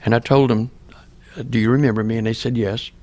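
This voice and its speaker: A man's voice: mid-range voice, steady tone, brisk, warm tone, dry recording. An older man, a pastor, earnestly telling a personal story in plain words during an interview. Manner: plain-spoken, earnest, acts out remembered dialogue.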